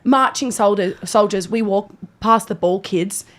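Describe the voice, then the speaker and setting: A woman's voice: mid-range voice, measured pace. A young woman co-hosting a podcast, chatting casually, joking and swearing freely. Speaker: podcast co-host. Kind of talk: casual chat.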